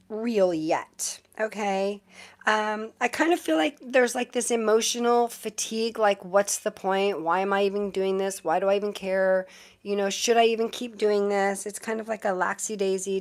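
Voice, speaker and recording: A woman live-streaming tarot readings, chatting casually with viewers and using lots of fillers as she reads the cards. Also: medium pitch. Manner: chatty, many fillers, thanks viewers often.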